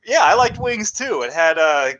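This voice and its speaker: A man co-hosting a casual movie podcast, sarcastic and quick to laugh and swear. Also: sits high, very animated, highs cut off, a loud crowd. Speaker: podcast co-host.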